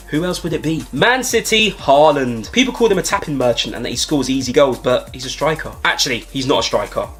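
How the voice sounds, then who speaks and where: A young man doing quick, jokey comedy sketches and switching between character voices. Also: fairly high pitch, fairly bright tone. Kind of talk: comedy sketches playing several football characters.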